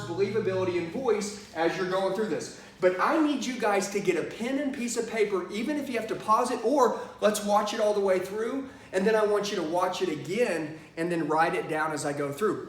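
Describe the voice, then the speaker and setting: A man giving an energetic sales training talk, coaching with emphatic rhetorical questions. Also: high voice, reverberant, far from the mic.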